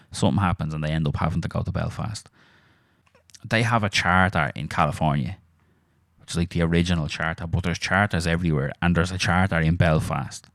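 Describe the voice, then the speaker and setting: An Irish man chatting casually on a podcast, sweary and animated as he tells stories. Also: sits low, creaky, no echo, clean studio sound. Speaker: podcast co-host. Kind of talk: casual chat.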